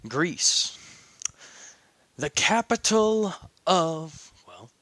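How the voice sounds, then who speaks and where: A man's voice: fairly high pitch, sing-song, drawn-out words, sharp tone, no room sound. A man casually narrating a fan-made story, wandering off track, correcting himself and adding chuckling asides.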